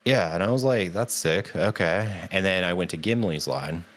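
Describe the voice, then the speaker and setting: A man's voice: low-pitched, fairly quick, dry recording. A man co-hosting a podcast, telling a story in casual chat and acting out other people's lines. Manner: animated storytelling, acts out quotes in a raised voice. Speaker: podcast co-host.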